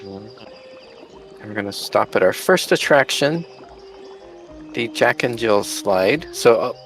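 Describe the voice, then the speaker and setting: Gravelly male host, chatty. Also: fairly low pitch, expressive, slow pace, fairly bright tone, soft background music. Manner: chatty, laughs often. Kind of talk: casual chat over a game tour.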